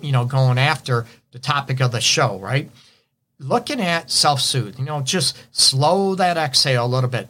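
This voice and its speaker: A man's voice: medium pitch, fairly bright tone. Man hosting a relationship advice show. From Detroit area. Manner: conversational, repeats "right?" and "you know". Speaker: relationship counselor and show host. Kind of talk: radio advice monologue.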